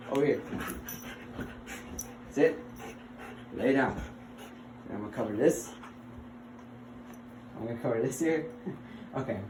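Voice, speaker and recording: A young man with a medium-pitched, darkish voice, a health assessment student, records a casual skills demonstration at home. He's chatty and fumbling, laughs often, and coaxes his dog, in a roomy space with faint noise.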